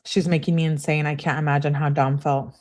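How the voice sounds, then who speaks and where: A woman's voice: sits low, flat delivery, fairly quick, a little mellow. Chatty woman commenting on true crime. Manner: chatty, peppered with "like", outspoken reactions. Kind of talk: casual commentary reading text messages aloud.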